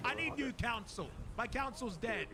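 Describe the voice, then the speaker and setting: A man's voice: extremely high pitch, lively intonation, moderate pace. A man voicing a short-tempered, violent little Australian man in a roleplay game, swearing and threatening. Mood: indignant. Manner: furious threats, yelling and swearing. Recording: game clip with loud crowd noise.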